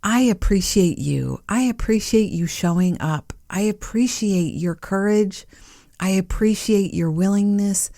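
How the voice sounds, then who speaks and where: A woman host speaks slowly and softly in a mellow, fairly low voice. She muses gently to her listeners with playful little asides. The sound is close and dry. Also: dry recording. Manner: soft, warm-hearted, musing, with playful asides and small laughs. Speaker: podcast host. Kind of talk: gentle reflective talk to listeners.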